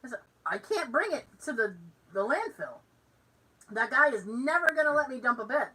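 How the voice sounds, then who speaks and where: A woman's voice: high-pitched, very animated, normal speed, pushed and bright, breathy edge, far from the mic, low-quality recording. A woman from Massachusetts with a Massachusetts accent, co-hosting a podcast and telling a story in casual chat. She acts out the lines of other people in the story. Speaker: podcast co-host.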